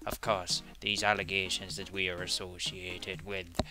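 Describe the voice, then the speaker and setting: A man's voice: low voice, level tone, unhurried, over music, voice pushed down. A man voicing a defensive male politician, speaking in pompous, evasive speech.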